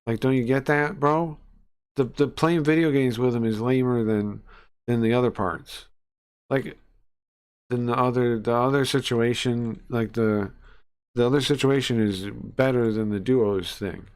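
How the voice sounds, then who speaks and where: A brash young man rants in casual reaction commentary, mocking and profane. His voice sits at an ordinary middle pitch, and he keeps stumbling into restarts and fillers as he talks. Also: steady tone, measured pace, darkish tone, smooth. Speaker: streamer.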